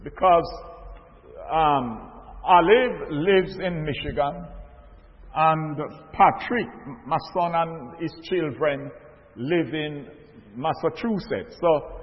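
Older preacher, high-pitched and unhurried, builds to forceful emphasis; recorded dull in an echoey hall. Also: male voice. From Jamaica. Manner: storytelling, slow and deliberate, swelling to loud emphatic stresses. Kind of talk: sermon.

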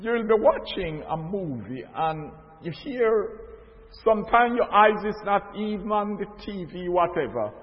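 Older preacher, high-pitched and unhurried, builds to forceful emphasis; recorded dull in an echoey hall. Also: male voice, very animated. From Jamaica. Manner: storytelling, slow and deliberate, swelling to loud emphatic stresses. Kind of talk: sermon.

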